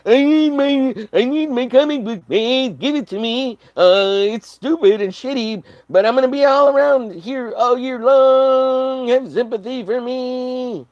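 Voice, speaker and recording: A man's voice: very high voice, unhurried, hardly any pauses, no room sound, muffled recording, pitched above the performer's own voice. A man putting on a whiny, pleading voice of a guy begging for money for his comic, in a mocking nasal whine.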